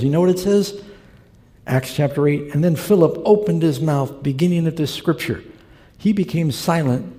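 Man, preacher, sermon, folksy storyteller, gravelly, long hall reverb. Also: fairly high pitch, dark tone. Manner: folksy storyteller, acts out quoted characters.

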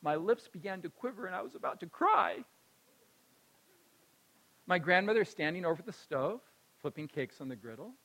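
Man, personal storytelling, high voice, bright and forceful, animated, laughs often, moves between loud and hushed. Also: moderate pace, pauses often, poor audio.

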